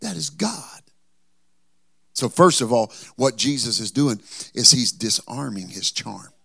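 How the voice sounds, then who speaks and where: A man's voice: mid-range voice, measured pace, gravelly, dry recording. A man preaching a sermon as pastor, acting out the people in the story with humor. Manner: preaching with lively acted-out quotes and humor.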